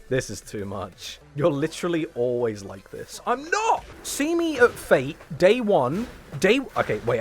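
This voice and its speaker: A man streaming to his chat, hyper and rambling, swearing often, jumping between loud high bursts and low mutters. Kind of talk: casual stream chatter.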